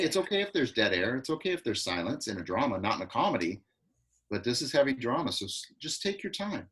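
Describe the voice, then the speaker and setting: A man acting coach leading a live online class, giving quick, directive notes over a video call. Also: medium pitch, very animated, fairly bright tone, low-quality recording.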